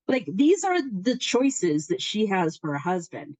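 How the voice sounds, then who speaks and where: A woman leading a workshop, telling a story in an animated, chatty way with fillers and restarts. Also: mid-range voice, unhurried, dry recording, rough recording. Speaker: workshop presenter. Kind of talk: informal workshop talk.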